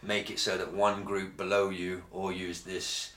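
A man from England co-hosts a podcast in casual chat, sweary and rambling as he tells animated stories with lots of energy. His deep voice is a little slow, and the recording sounds roomy.

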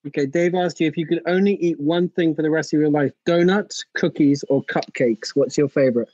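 A man co-hosting a radio show in casual chat, gently coaxing and teasing. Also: on the high side, a little fast, no echo. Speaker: radio sports show co-host. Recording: dry, dull lo-fi sound.

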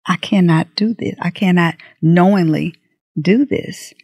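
A middle-aged woman candidly recounting a personal story in an interview, animated and acting out the dialogue. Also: lowish voice, a little slow, husky, dry recording, clean studio sound. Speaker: guest.

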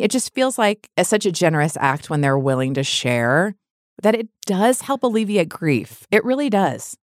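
A middle-aged woman with a low voice talks candidly in a podcast conversation. Her tone is reflective and open, and it rises sharply when she acts out other people's words. The sound is close and dry. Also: big pitch swings, normal speed, no echo. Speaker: guest.

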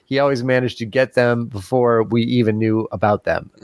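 A man's voice: medium pitch, steady tone, normal speed, a little mellow, no echo, studio quality. A man hosting a casual podcast, chatting and reading listener emails aloud with easy laughs.

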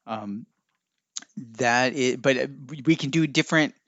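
A man's voice: medium pitch, a little slow, fairly bright tone, dry recording. Man, podcast host, rambling casual talk, dry close sound, slightly dull lo-fi recording. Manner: rambling and musing, looks things up mid-talk.

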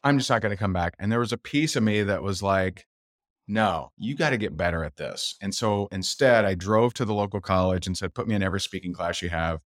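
A man with a lowish voice talks openly as a podcast guest, slipping into livelier voices when he plays out other people's lines. The sound is dry and close, with no room around it. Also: a little fast, dry recording. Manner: animated storyteller who acts out other people's voices. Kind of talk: candid interview storytelling.

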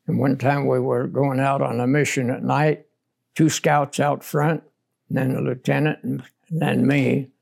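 A man's voice: mid-range voice, little pitch movement, unhurried, creaky, darkish tone. An older man, a war veteran, recounting his combat memories in a blunt, plainspoken way during an oral history interview.

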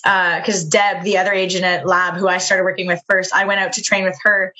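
Young woman, Canadian accent, podcast guest, bright clear tone, laughs a lot, rambling. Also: fairly low pitch, little pitch movement, brisk. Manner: laughs often, rambling with restarts. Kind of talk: casual podcast chat.

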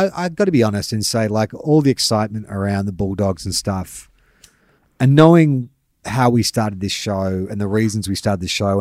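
A young Australian man co-hosting a loose sports podcast, his voice sitting fairly low. He pokes fun at himself, laughs easily and trails off into fillers. The sound is close and dry. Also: darkish tone, no echo. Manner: self-mocking, laughs often, trails off with fillers. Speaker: podcast co-host. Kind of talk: casual sports chat.

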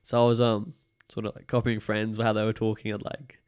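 A man's voice: fairly low pitch, a little fast, no room sound, studio quality. A young man from the UK with an accent between British and Australian, chatting casually as a podcast guest with lots of fillers. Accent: mix of British and Australian. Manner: relaxed, rambling, many fillers. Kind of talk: casual chat.

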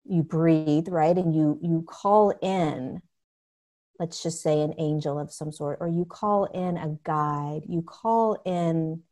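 A woman's voice: low-pitched, takes it slowly, warm tone. A woman guest speaking earnestly and emphatically in casual conversation as a spiritual teacher, often acting out what people say. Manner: earnest, emphatic, acts out quotes.

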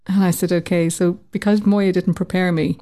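A woman telling a personal story in an interview, lively and acting out the voices she quotes. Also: lowish voice, normal speed. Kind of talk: conversational storytelling.

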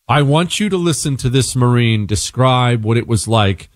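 A man's voice: mid-range voice, animated, normal speed, dry recording. Conversational male talk radio host. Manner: conversational, breaks off and corrects himself.

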